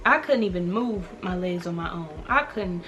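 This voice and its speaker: A young woman vlogger telling a personal story in a casual, animated way, acting out what people said. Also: on the low side, normal speed, lo-fi sound, faint music behind. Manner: animated, quotes herself in reenacted dialogue.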